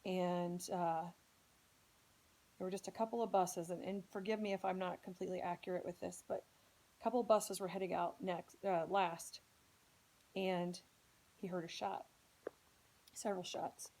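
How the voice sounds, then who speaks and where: A woman's voice: lowish voice, fairly even intonation, normal speed, pauses often, a little mellow, low-quality recording. A woman from Indianapolis earnestly telling a personal story as a podcast host, speaking with strong emotion. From Indianapolis, United States.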